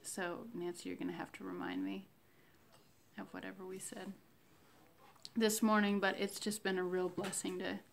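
A woman talking slowly and reflectively in a casual faith diary, with many fillers and pauses. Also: medium pitch, flat delivery, vocal fry, a little hiss or hum. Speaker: vlogger sharing a fasting diary.

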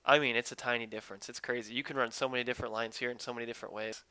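A man's voice: medium pitch, level tone, racing, sharp tone, smooth, no room sound. A man commentating his own online racing game live, chatting with viewers while he drives. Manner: upbeat, talks to chat while driving.

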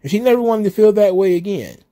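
A man's voice: high-pitched, lively intonation, quick pace, dark tone. A man hosting a solo recap show, ranting in an exasperated, profane, casual way. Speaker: wrestling commentary host.

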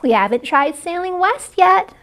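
A woman's voice: very high voice, lively intonation, normal speed, fairly bright tone, exaggerated voice. A woman voicing a hopeful little female hedgehog in a storybook read-aloud, speaking in an earnest, eager way.

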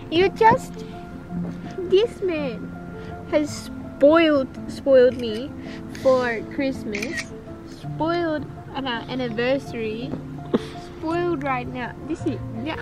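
A woman vlogging casually, giggly and excitable, reading aloud a little haltingly. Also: sits high, music in the background. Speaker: vlogger, birthday girl. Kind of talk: casual vlog chat.

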